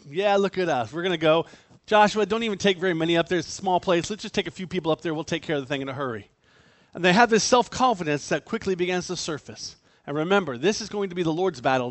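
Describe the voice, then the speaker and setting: High-voiced man preaching animatedly. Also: a bit bright, no echo. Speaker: pastor. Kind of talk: sermon.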